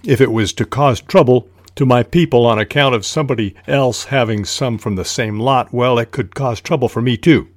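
A man's voice: medium pitch, moderate pace, hardly any pauses, dry recording, studio quality, natural voice. A man reading the lines of a guarded, stubborn stocky male buyer from a novel with a hesitant, hedging manner. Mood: wary.

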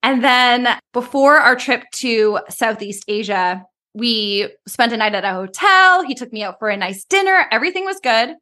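A woman in her thirties from Canada, a podcast guest retelling a painful personal story in an animated, emotional way, full of casual fillers. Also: fairly high pitch, moderate pace. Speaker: podcast guest, life coach.

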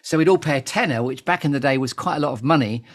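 A man's voice: mid-range voice, fast talker. A man hosting a chatty live podcast interview, playful and theatrical, wandering off on tangents. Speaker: podcast host.

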